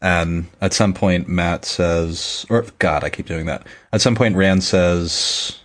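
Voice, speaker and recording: A man's voice: deep voice, fairly even intonation, slow pace, fairly bright tone. A man casually recapping book chapters on a podcast, rambling and correcting himself as he goes. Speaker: podcast co-host.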